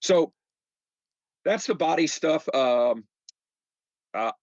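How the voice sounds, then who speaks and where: Drawing out his words, a US man in his seventies tells chatty stories as a podcast guest, often repeating himself, leaning on fillers and acting out quotes. The voice is a little high, animated and a bit mellow, in a dry, lo-fi recording.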